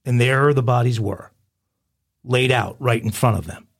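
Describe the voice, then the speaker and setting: Husky man telling a mock-dramatic story. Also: medium pitch, moderate pace. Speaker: podcast co-host. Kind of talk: reading a comic crime story aloud.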